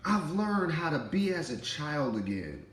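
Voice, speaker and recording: A man, in his thirties, giving an animated spiritual monologue about parenting and laughing as he acts out voices. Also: a little high, unhurried, echoey room, poor audio. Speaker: spiritual vlogger, father.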